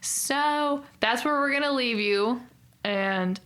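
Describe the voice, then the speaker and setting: A young woman hosting a casual book club podcast, bubbly and quick to laugh, with lots of "like". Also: a little high, fairly bright tone. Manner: bubbly, laughs often, says "like" a lot.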